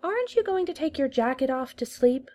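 A woman's voice: high-pitched, lively intonation, fairly quick, dark tone, voice pushed up. A woman reading a story aloud, voicing a scheming male Time Lord who coaxes, teases and boasts. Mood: teasing. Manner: coaxing, teasing and boastful.

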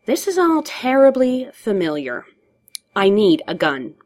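A woman's voice: fairly low pitch, lively intonation, measured pace. Woman doing a drawling sardonic villain. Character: sly, theatrical male villain.

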